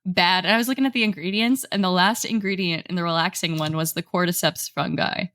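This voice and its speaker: A woman's voice: lowish voice, a little fast, a bit bright, no room sound. A woman co-hosting a casual chat, talking loosely and filling with "like". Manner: chatty, says "like" a lot. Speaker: podcast co-host.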